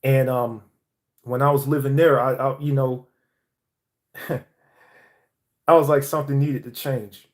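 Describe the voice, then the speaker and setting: A man's voice: medium pitch, fairly even intonation, takes it slowly, long pauses. A young man from Atlanta, delivering a heated, profane motivational monologue.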